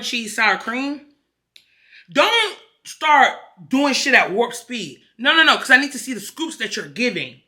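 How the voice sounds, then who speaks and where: A woman vlogger telling a story in an animated, profane, emphatic rant. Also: on the high side. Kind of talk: casual ranting vlog.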